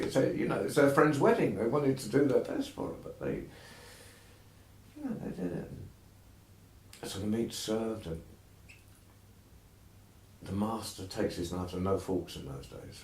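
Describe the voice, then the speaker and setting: Gravelly, animated male storyteller. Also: mid-range voice, a little hiss or hum. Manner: animated, conversational, asides to listeners. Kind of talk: oral folktale telling. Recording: roomy echo.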